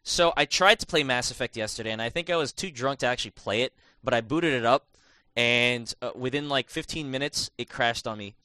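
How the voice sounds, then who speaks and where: A man co-hosting a podcast in casual chat, given to teasing jokes and quick interjections. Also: medium pitch, bright, forceful tone, no room sound. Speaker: podcast co-host.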